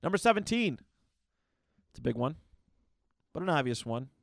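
A man's voice: on the high side, very animated, moderate pace, vocal fry, no echo, studio quality. A man hosting a podcast, talking casually and candidly about his own life, rambling with many restarts and fillers. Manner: candid and reflective. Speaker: podcast host. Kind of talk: casual personal monologue.

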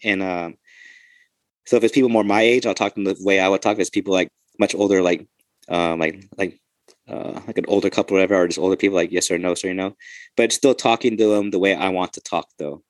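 A man's voice: low voice, steady tone, fast, no room sound. A man, a police officer and podcast host, telling loose, profane stories in casual chat.

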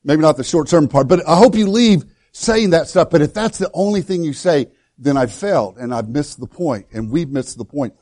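A male pastor preaching a sermon in a folksy, storytelling way, with many halting restarts. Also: fairly high pitch, animated, darkish tone. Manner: storytelling, folksy and self-deprecating.

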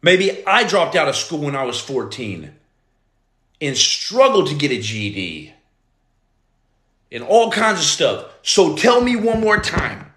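A man's voice: fairly high pitch, big pitch swings, a little slow, pauses often, pushed and bright, roomy sound. A man hosting a motivational livestream, greeting viewers and reading their comments aloud. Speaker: podcast host, former Navy SEAL.

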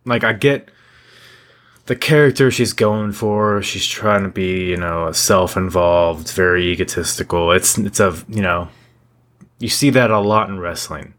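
A man's voice: low-pitched, steady tone, a little slow, fairly bright tone. A young man co-hosting a podcast, ranting in blunt, profane casual chat, full of restarts. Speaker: podcast co-host.

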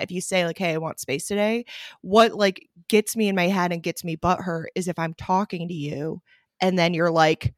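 A woman co-hosting a casual podcast, talking candidly and swearing freely, leaning on "like" and jumping up high when she quotes herself. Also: normal speed, no room sound, clean studio sound. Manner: animated, jumps high when quoting herself. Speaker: podcast co-host. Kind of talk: casual chat.

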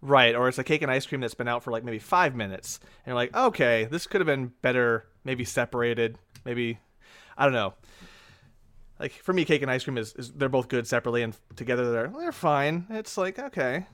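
A man's voice: mid-range voice, expressive, a little fast, fairly bright tone, no room sound, studio quality. A man co-hosting a casual movie podcast, rambling and hesitant as he thinks aloud. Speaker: podcast co-host.

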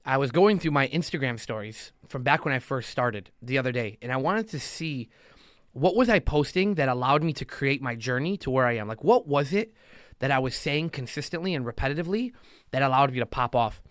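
A man's voice: mid-range voice, animated, a little fast, fairly bright tone, dry recording, studio quality. A man talking as a podcast guest in casual conversation, emphatic and motivational, driving his points home by repeating them. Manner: emphatic and motivational, hammering points through repetition. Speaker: podcast guest, loan officer.

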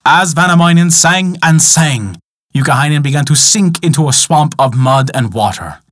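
A man narrating a folk tale in an expressive, dramatic storytelling style. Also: fairly high pitch, moderate pace, no echo, clean studio sound.

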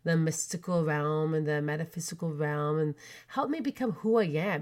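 A woman in her forties from Canada, telling personal stories in a chatty, animated way with many fillers. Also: medium pitch. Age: 40s. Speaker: podcast host. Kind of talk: storytelling chat.

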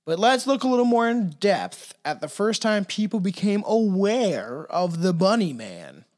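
A man's voice: high voice, very animated, a little slow. A man co-hosting a podcast, casually telling a spooky legend with stumbles, swearing and laughs. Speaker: podcast co-host.

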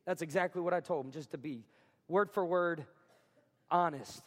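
A man preaching as a pastor, talking in an energetic, emphatic way and repeating lines for effect. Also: on the high side, moderate pace, in a large hall. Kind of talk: sermon. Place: school cafeteria or gym used as a church.

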